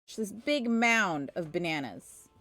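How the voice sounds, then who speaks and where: A woman's voice: medium pitch, lively intonation, a little slow, bright, forceful tone, no echo. A woman at home, chatting on a live stream with exasperated, playful storytelling and teasing. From Canada. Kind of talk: casual live-stream chat.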